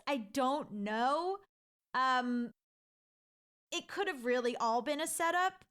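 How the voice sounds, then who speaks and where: A woman's voice: high-pitched, fairly bright tone, clear, resonant tone. A woman telling a personal ghost story in a chatty, casual way, full of filler likes and restarts.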